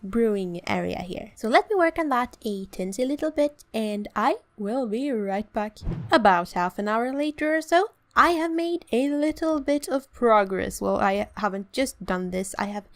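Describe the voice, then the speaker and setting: A woman's voice: on the high side, animated, moderate pace. A young woman with a Swedish accent, chatting casually as she walks through a build in a game. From Sweden. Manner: chatty, self-deprecating, explains as she builds. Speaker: let's play host. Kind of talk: casual gameplay commentary.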